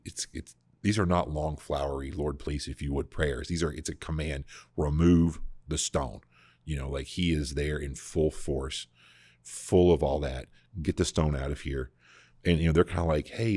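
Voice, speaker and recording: A man hosting a podcast, explaining scripture in a casual, animated way, often restarting his sentences. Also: extremely low pitch, husky, dry recording. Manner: animated, full of restarts and repeated words. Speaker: podcast host discussing scripture. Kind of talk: casual conversational Bible teaching.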